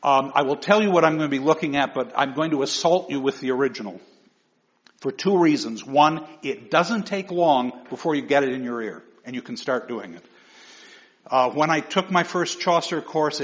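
Animated male lecturer on a dull tape. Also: a little high, moderate pace. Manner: animated, expressive delivery; reads verse aloud with dramatic emphasis. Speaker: literature teacher. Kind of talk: recorded lecture.

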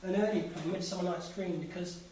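A man's voice: sits high, fairly even intonation, quick pace, mellow, a little hiss or hum. A man in the audience hesitantly asking the lecturer a question. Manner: tentative, hesitant. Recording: distant, very echoey, dull.

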